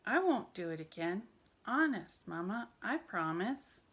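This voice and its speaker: A woman's voice: mid-range voice, sing-song, unhurried, a bit bright. A woman doing a bellowing bully giant. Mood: whimpering. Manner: bellowing, then whimpering. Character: huge bullying male giant, mama's boy.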